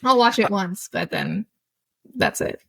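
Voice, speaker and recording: A woman's voice: medium pitch, huge pitch swings, a little slow, creaky, fairly bright tone, breathy edge, dry recording. A woman co-hosting a podcast in casual chat, talkative and laughing often, drifting into tangents. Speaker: podcast co-host.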